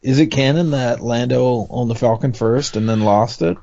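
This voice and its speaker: A man co-hosting a casual podcast chat, asking questions in an unhurried way. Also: medium pitch, creaky, highs cut off, a crowd in the background. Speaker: podcast co-host.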